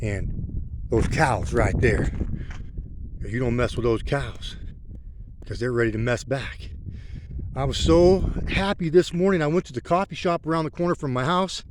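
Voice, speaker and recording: A man's voice: mid-range voice, a little slow, long pauses. Man, middle-aged, rambling and emotional, outdoors, faint road noise. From rural country background. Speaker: motorcycle vlogger. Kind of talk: casual spoken vlog while riding.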